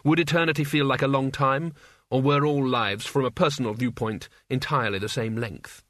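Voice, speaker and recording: A man reading an audiobook as its narrator, in an even, measured storytelling manner. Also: mid-range voice, dry recording, studio quality.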